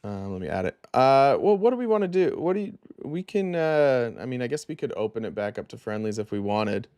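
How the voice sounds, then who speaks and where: A man's voice: medium pitch, sing-song, fairly quick, a little mellow, clean tone, no echo. A tired man hosting a casual live stream, reading viewer comments aloud in a loose, rambling way full of fillers.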